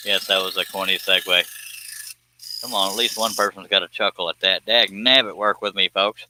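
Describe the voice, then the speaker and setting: A man's voice: low-pitched, steady tone, normal speed, long pauses, bright, forceful tone, slight background noise, low-quality recording. A man hosting a casual live stream, talking in a folksy, self-amused way and chuckling often.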